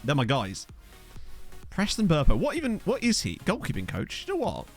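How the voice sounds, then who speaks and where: A man with a slightly high voice and huge pitch swings does chatty, giggly live-stream game commentary at a moderate pace. He swears freely into a desk USB condenser mic, with soft music in the background.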